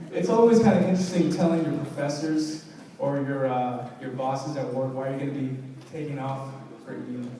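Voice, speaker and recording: A young man performing conversational, self-deprecating stand-up comedy with halting fillers at a live show. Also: medium pitch, dark tone, slight background noise. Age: young adult. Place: large hall, live show. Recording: echoey hall from far off.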